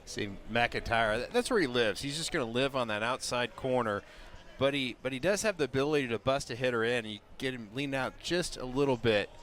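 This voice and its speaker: A man giving relaxed color commentary on a baseball game, explaining plays. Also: mid-range voice, brisk. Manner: relaxed, explanatory, many fillers. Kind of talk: live baseball analysis.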